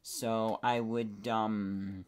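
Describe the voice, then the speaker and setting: A young man rambling and musing aloud while playing a game, often trailing off mid-thought in a soft, casual voice. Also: on the low side, level tone, very slow, smooth. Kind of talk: casual gaming commentary.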